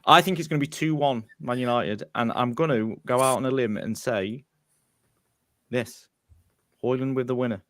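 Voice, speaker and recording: A man's voice: mid-range voice, normal speed, pauses often, no echo, studio quality. A man hosting a casual football fan show, chatting candidly with frequent ums.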